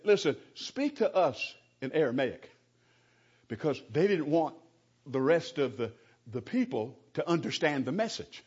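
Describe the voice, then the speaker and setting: Husky animated preacher man. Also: on the high side, dull audio. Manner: stammering restarts, animated. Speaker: pastor. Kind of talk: sermon.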